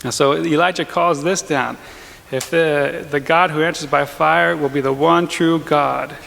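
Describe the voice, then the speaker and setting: A male pastor giving a lively, conversational sermon with quick asides and chuckles, in a church. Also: a little high, creaky. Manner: energetic, conversational preaching with frequent asides and laughs. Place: large church. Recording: long hall reverb in church.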